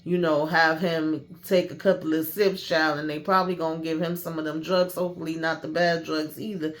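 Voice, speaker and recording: A woman hosting a casual TV episode recap who talks in an animated, slangy way and acts out the characters. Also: low-pitched, brisk. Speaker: YouTube TV recap host.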